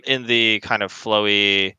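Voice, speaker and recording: A man's voice: lowish voice, slow, sharp tone, clear, resonant tone, dry recording, highs cut off. A man talking casually about the tabletop campaign he wrote, often hesitating and restarting his sentences. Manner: hesitant, many restarts and fillers. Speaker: campaign author and game master. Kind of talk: casual discussion.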